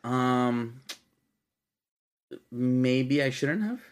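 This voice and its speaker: A man's voice: mid-range voice, expressive, very slow, smooth. A young man hosting a casual podcast, talking loosely and animatedly and swearing freely, calling his co-host dude and bro. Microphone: podcast studio mic.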